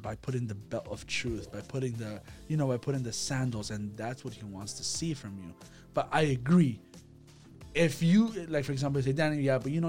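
An animated man at a church group discussion, talking fast and jumping between storytelling and scripture. His voice sits in a middle pitch, faint music plays behind him, and he stumbles and restarts often.

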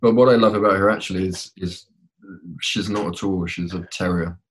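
A man's voice: sits low, steady tone, fairly quick. A man from England, a podcast guest, chatting casually and hesitantly with many repeated words. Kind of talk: casual chat.

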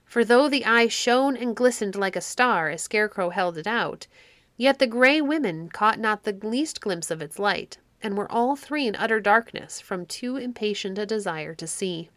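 A woman reading a children's classic story aloud, with expressive narration. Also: mid-range voice, moderate pace, dry recording.

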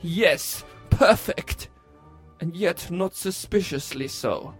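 A man's voice: sits high, slow, faint music behind. A man playing a spy posing as a Nazi job applicant in a comedy sketch, stiff and falsely earnest.

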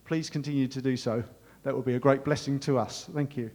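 A man's voice: medium pitch, steady tone, brisk. A man preaching a sermon as pastor, earnestly thanking his congregation and leading a closing prayer. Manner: earnest, warm, emotional thanks.

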